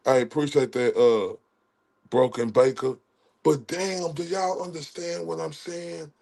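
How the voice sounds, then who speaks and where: A man hosting a livestream, ranting in a heated, profane way and swinging between loud outrage and quiet apologies. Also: fairly high pitch, fairly even intonation, measured pace, creaky. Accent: Southern US. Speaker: livestream host.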